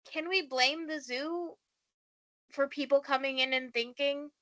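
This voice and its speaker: A woman's voice: high-pitched, measured pace. A woman co-hosting a pop culture podcast, chatting casually with lots of fillers and easy laughter. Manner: animated, laughs easily, many fillers. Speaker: podcast co-host. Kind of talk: casual chat.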